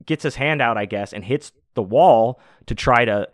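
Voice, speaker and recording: A man's voice: medium pitch, moderate pace, dry recording, clean studio sound. A man hosting a podcast, telling a story in a casual, profane, laid-back way and laughing often. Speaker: podcast host.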